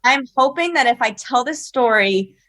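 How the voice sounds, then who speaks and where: A woman's voice: high-pitched, animated, moderate pace, fairly bright tone. A young woman, a podcast guest, telling a personal story in a chatty, earnest way with lots of "like" and "you know". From South Carolina. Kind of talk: casual storytelling in an interview.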